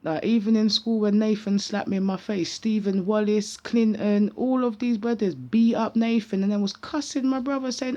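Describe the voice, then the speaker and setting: A woman with a British accent full of London street slang, telling a personal story in an animated, casual vlog. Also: mid-range voice, moderate pace, few pauses, lo-fi sound.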